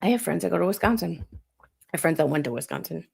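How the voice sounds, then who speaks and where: A woman's voice: fairly low pitch, lively intonation, quick pace, gravelly, slightly rough. A woman hosting a show, rambling in an unfiltered, exasperated rant and swearing freely. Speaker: podcast host.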